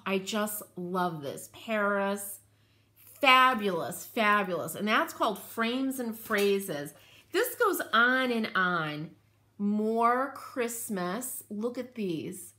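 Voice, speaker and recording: A woman's medium-pitched, fairly bright voice carries a casual show-and-tell chat on her craft channel. She's full of gushing enthusiasm and keeps rambling through asides.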